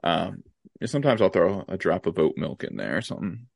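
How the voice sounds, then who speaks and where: A man's voice: low-pitched, big pitch swings, fairly quick, vocal fry, a little mellow, husky, dry recording, clean studio sound. A young man co-hosting a podcast, laid-back and rambling with lots of fillers in casual chat. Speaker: podcast co-host.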